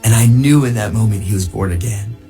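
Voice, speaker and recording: Excitable man telling a testimony. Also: brisk, faint music behind. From United States. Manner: excitable, jumps high when quoting people, laughs through the telling. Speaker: missionary sharing a testimony. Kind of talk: animated storytelling testimony.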